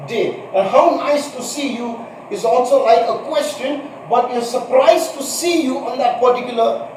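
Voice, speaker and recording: A man's voice: extremely high pitch, normal speed, darkish tone. A male teacher giving a recorded grammar lesson, patiently repeating points and spelling out examples. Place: room with a board. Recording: echoey room, mic far off, faint hiss.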